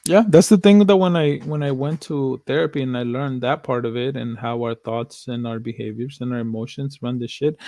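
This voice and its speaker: A man's voice: medium pitch, brisk, few pauses, darkish tone, no room sound. Earnest man on a dry-sounding mic. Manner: earnest and reflective, swears casually, some Spanish. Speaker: podcast co-host. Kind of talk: casual chat.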